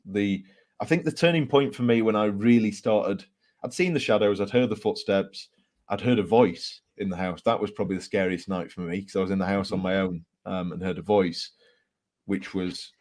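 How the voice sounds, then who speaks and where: A man, a book author telling ghost stories casually, with laughs and fillers. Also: lowish voice. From England. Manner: animated storyteller with fillers and laughs. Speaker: author guest. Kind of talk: casual storytelling interview.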